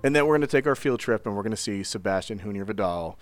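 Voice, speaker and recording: A man's voice: lowish voice, fast, music in the background. A man co-hosting a podcast who tells a story in a casual, jokey way. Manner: animated, jokey storyteller who acts out scenes. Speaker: podcast co-host.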